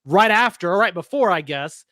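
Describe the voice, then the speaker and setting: A man's voice: high-pitched, lively intonation, normal speed, sharp tone, no echo. A man co-hosting a podcast, giving his opinions in a wry, casual way with lots of rhetorical questions. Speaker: podcast co-host.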